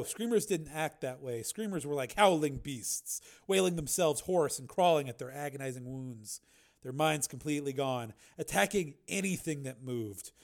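A man reading a science fiction audiobook aloud, steady and even, now and then correcting a slip. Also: on the high side. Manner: steady storytelling with occasional slips and self-corrections. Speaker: narrator. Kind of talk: audiobook narration.

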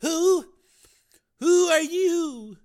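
A man's voice: a little high, expressive, drawn-out words, fairly bright tone, no room sound, studio quality, pitched above the performer's own voice, heavily acted. A man voicing a starving, terrified tunnel dweller in an audiobook, speaking in a trembling, pleading voice. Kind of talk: audiobook character voice.

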